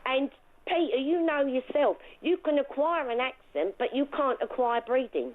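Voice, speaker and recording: A woman's voice: high voice, animated, normal speed. Outspoken Cockney woman caller on a phone line. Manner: bold, flirtatious, outspoken.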